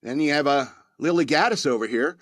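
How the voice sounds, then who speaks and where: A man's voice: on the high side, fairly quick, fairly bright tone, no room sound. Man ranting sarcastically, dry close sound. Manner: rambling, sarcastic, laughs at own jokes; crude and mock-angry. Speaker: podcast host. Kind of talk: casual comedic rant.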